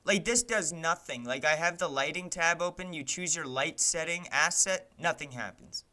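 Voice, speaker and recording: A sharp-voiced, cursing young man venting while he works. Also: on the high side, moderate pace. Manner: exasperated, swears a lot, rants at his software; fillers "like" and "man" throughout. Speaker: indie game developer streaming his work. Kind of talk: casual livestream commentary while working.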